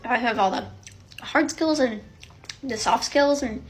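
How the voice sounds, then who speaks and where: A woman playing an anxious young job candidate who stammers and fills every pause with "like" and "you know". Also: a little high, close to an everyday voice. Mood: nervous rambling. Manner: nervous, stammering, filler-heavy.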